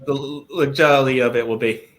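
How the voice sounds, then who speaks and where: A man being interviewed over a video call, who often restarts his sentences while he searches for words and says he talks loudly. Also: mid-range voice, steady tone, moderate pace. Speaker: guest. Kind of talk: live-streamed interview.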